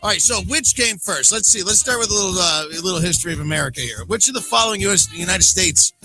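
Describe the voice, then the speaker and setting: Guy hosting a trivia stream, high bright voice w some gravel, sing-songy and jokey, music in the back. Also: lively intonation, fast, poor audio. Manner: upbeat, jokey, sing-song announcing. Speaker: trivia quiz host. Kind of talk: live-streamed quiz hosting.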